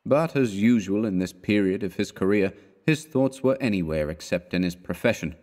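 A man reading a classic short story aloud as an audiobook narrator, in a measured manner. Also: on the low side, animated, darkish tone.

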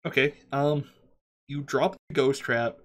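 A man's voice: medium pitch, fairly even intonation, unhurried, fairly bright tone. A man narrating a tabletop game as game master, rambling with many fillers and restarts.

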